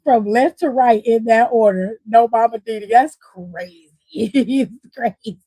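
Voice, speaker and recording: A woman's voice: on the high side, measured pace, mellow, slightly rough, dry recording, rough recording. A woman hosting a casual wrestling recap, blunt and profane, breaking into laughter and side comments.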